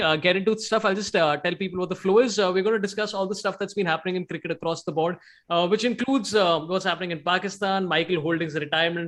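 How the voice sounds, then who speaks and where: A man's voice: high voice, a bit bright. A man hosting a casual cricket chat show, talking in a loose, rambling way with many fillers and restarts. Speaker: podcast host.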